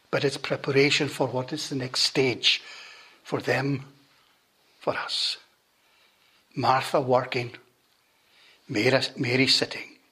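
A man preaching a sermon and leading a prayer, slow and deliberate, often dropping to a hush at the ends of phrases. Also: mid-range voice, slightly rough. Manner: slow, deliberate preaching that drops to hushed endings.

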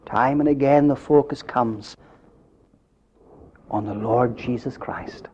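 A man preaching a sermon, building up to emphatic questions and dropping his voice low at the end of phrases. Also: slow, slight background noise. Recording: dull lo-fi recording.

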